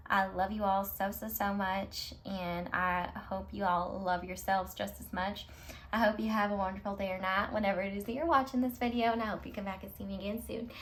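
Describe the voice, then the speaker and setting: A woman's voice: mid-range voice, steady tone, brisk, a bit bright. A woman tarot reader speaking straight to her viewers in a pick-a-card reading, reassuring and affirming.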